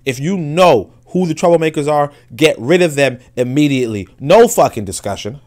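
A man with a fairly high voice, talking in a loose, emphatic commentary style. He swears freely and often repeats himself while working out a point, driving each claim home. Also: animated, moderate pace, a little mellow. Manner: emphatic, profane, repeats words while thinking. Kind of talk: casual commentary with read-aloud quotes.

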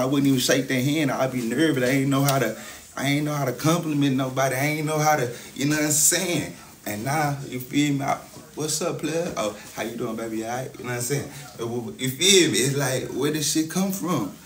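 A young man in casual livestream chat, boastful and hyped, talking to his chat with constant filler phrases. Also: mid-range voice. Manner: boastful, hype talk with constant "you know what I'm saying" fillers.

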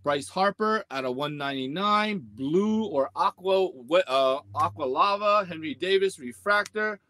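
A man hosting a live sports card break stream. He talks in slangy bursts, groans and shouts at the pulls, and rattles off the hits in a list. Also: high-pitched, lively intonation, unhurried. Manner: slangy, repeats "man" and "let's go".

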